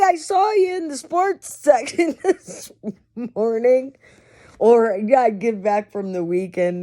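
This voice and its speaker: A woman's voice: medium pitch, warm tone. A middle-aged woman telling stories in a casual monologue, laughing often and swearing freely. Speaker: host.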